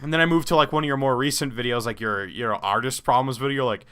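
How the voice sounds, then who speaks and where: A teenage boy hosting a casual podcast chat, rambling a bit and now and then mimicking others in a high voice. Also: fast talker, few pauses, a bit bright, clean tone. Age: teen. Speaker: podcast host.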